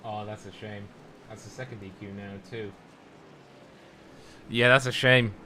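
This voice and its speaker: Laid-back co-commentator, noisy line. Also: male voice, lowish voice, fairly even intonation, a little slow. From Ireland. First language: not English. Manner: laid-back, hesitant, joking. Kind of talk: sim racing commentary.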